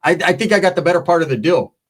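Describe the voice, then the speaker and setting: A man's voice: a little high, animated, very fast. A man telling a long, profane, rambling story in casual talk, acting out the other people in it.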